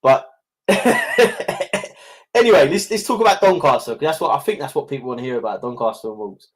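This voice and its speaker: A young man runs a relaxed podcast chat. He talks in a loose, chatty way, swearing and breaking into laughs, and his voice sits at a middling pitch. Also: very fast. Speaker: podcast host. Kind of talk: casual chat.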